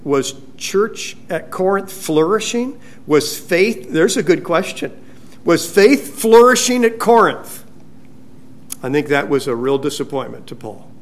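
A male pastor preaching a sermon in a church, conversational and halting, with frequent restarts. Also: fairly high pitch. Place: church sanctuary.

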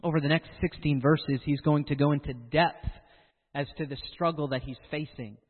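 A man preaching a sermon in an animated way, acting out the voices of the people he quotes. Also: fairly high pitch, moderate pace, long reverb tail, phone-quality sound.

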